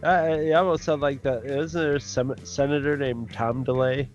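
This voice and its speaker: A man hosting a comedy food podcast, talking in a relaxed, rambling way. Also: mid-range voice, moderate pace, highs cut off, faint music behind. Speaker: podcast host. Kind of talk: comedic casual chat.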